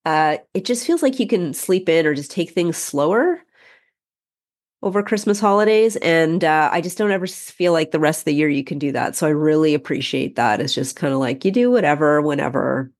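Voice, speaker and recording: A middle-aged woman co-hosting a podcast, her voice low and a bit husky from a cold. She sounds stuffed up and talks in a relaxed, meandering way, full of ums and uhs. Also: a little fast. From North America. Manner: relaxed, rambling with many fillers. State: congested with a cold, a little husky. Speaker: podcast co-host. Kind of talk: casual chat.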